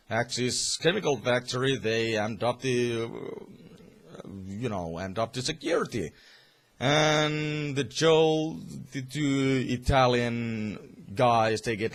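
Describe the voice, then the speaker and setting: A young man casually reviewing a comic, rambling with many fillers and some swearing. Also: fairly low pitch.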